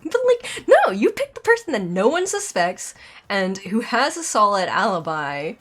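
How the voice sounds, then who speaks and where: A woman streamer giving exasperated, rambling gameplay commentary, filling her rant with "like" and pushing her voice higher as she gets angry. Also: sing-song, moderate pace, a bit bright. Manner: exasperated, rambling, heavy use of "like"; voice climbs high when angry. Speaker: let's play streamer.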